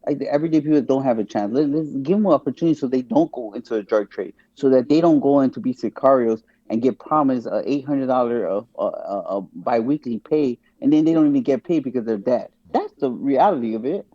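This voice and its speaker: Mellow-voiced man arguing emphatically. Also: medium pitch, fast, few pauses, dry recording, muffled recording. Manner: emphatic, keeps asking "guess what". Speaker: podcast guest. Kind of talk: casual opinionated discussion.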